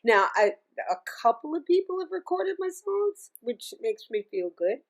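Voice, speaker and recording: A middle-aged singer and music teacher, appearing as an interview guest, tells stories in a chatty, animated way. She often laughs and restarts her sentences, speaking at normal speed in a high voice, in the style of casual interview storytelling.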